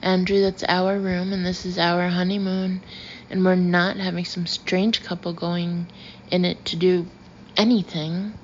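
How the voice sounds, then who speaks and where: A woman's voice: lowish voice, little pitch movement, measured pace, lo-fi sound, slight background noise, natural voice. A woman reading an audiobook voices a prim, indignant young wife.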